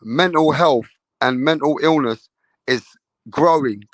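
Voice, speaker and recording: A man's fairly high voice, loose and profane, hyping up his chat on a boxing livestream. The sound is dry and close, with little room in it. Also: slow pace, no room sound. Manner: loose, profane, hypes up chat with shout-outs. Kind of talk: casual livestream chat reading comments.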